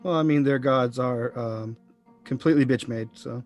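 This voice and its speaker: A man's voice: medium pitch, moderate pace. Sarcastic guy playing a tabletop game over a call, dry humor, faint music. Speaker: player. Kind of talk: casual chat during a tabletop game. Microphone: online voice call.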